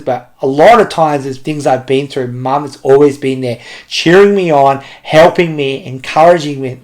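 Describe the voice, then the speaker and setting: A man's voice: fairly high pitch, a little mellow. A young adult man leading a children's ministry talk, telling a story with frequent laughter. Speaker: kids club leader.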